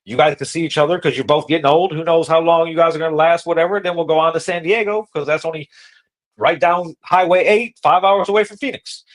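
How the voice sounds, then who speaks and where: A man hosting a podcast, telling a road-trip story in casual, profane, slangy talk that gets animated. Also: a little high, quick pace. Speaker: podcast host.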